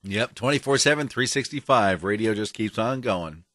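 Here a male podcast co-host chats casually, cracking jokes and laughing often. He speaks on the low side at a moderate pace, expressive and fairly bright in tone, captured dry at studio quality.

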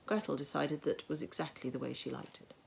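A woman narrating a storybook tale in a measured, wry way. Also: deep voice, steady tone, vocal fry, a little mellow, a little hiss or hum. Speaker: audiobook narrator.

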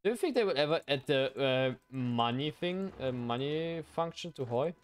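A young man giving casual, profane gameplay commentary as a streamer, excitable and quick to outbursts. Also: medium pitch, clean tone. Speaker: gaming streamer.

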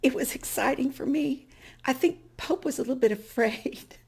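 A middle-aged woman hosting a vlog, telling a personal faith story and acting out the dialogue, her voice swinging from hushed to loud and excited. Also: high-pitched, moderate pace, vocal fry, slightly rough. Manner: animated, gets loud and excited retelling dialogue. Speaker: vlog host.

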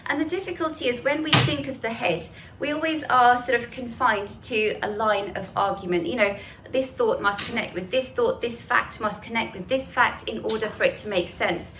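A woman's voice: on the high side, fairly bright tone, slight background noise. Conversational woman giving a moral talk. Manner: conversational and explanatory, with asides and light laughter. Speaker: speaker giving a talk on Hinduism to students. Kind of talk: spoken moral lesson with storytelling.

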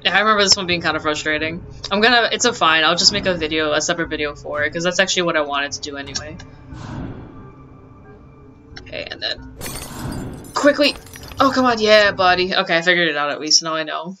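Bright-voiced gamer, easily frustrated. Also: mid-range voice, fast, long pauses, soft background music. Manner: exclaims often, easily frustrated, self-deprecating. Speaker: let's play gamer. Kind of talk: casual gameplay commentary.

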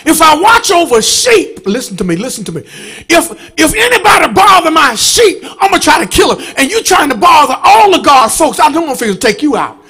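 Man preacher, fiery call-and-response delivery, bright and lively. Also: extremely high pitch, normal speed. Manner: shouting, chanting, call-and-response with congregation. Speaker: pastor. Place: church sanctuary.

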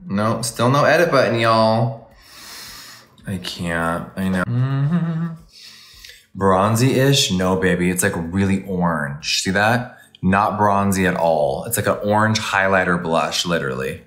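A man's voice: low voice, lively intonation, slow, a bit bright, echoey room, soft background music. A man doing a casual live makeup review, gushing and exclamatory and calling viewers baby and honey. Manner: gushing, exclamatory, campy endearments. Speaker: makeup livestreamer.

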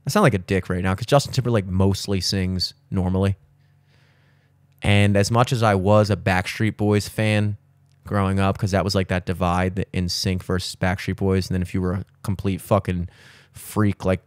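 In casual studio chat, this thirtysomething podcast host rambles with profanity and strong opinions, his pitch leaping animatedly. He keeps a moderate pace, and there's no room sound.

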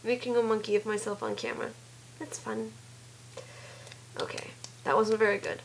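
A woman's voice: medium pitch, animated, normal speed, gravelly, long pauses, slight background noise, low-quality recording. A sick young woman whose voice cracks, chatting casually and self-mockingly to the camera between flute pieces. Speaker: flute player and video host.

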